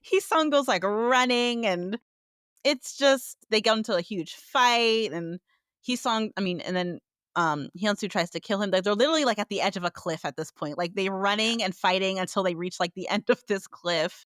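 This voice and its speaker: A woman co-hosting a casual review podcast, animated and acting out characters' lines as she retells scenes. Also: mid-range voice, moderate pace, clear, resonant tone, no room sound, studio quality. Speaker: podcast co-host.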